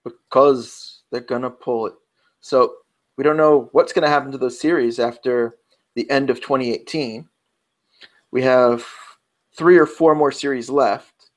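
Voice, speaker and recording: New York guy, mid-pitched, rambling podcast co-host. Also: fairly even intonation, normal speed, long pauses. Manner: chatty, rambling, self-interrupting. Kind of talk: casual round-table chat.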